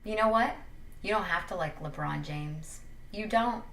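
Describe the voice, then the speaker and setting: A woman's voice: on the low side, a little slow, creaky, a bit bright, far from the mic, slight background noise. A young woman from Wyoming talking sports in a casual, sassy, jokey opinion vlog. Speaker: sports commentator. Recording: echoey room, a little off-mic.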